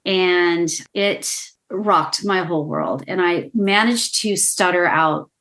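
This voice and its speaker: A woman in her sixties speaks in a somewhat low voice as a podcast guest. She tells a painful personal story with tearful emotion. Her speech is halting, full of restarts and stutters. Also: a bit bright. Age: 60s.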